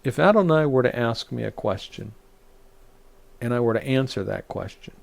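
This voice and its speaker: A man's voice: medium pitch, animated, moderate pace, gravelly. A man, a rabbi, teaching a Torah study, reading scripture aloud and explaining it with frequent restarts and fillers.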